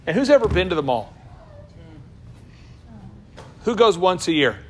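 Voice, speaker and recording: A man hosting a business talk show, joking and firing quick questions at the people in the room. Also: high voice. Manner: animated, jokey, quick asides to the room. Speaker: business coach and show host. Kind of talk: lively talk to a live room.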